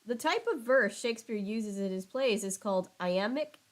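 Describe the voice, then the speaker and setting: A woman's voice: medium pitch, animated, normal speed. Woman reading aloud, stumbling and self-mocking. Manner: stumbles over words and apologizes, laughs at herself. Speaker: streamer reading a children's book aloud. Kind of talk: casual read-aloud with chat asides.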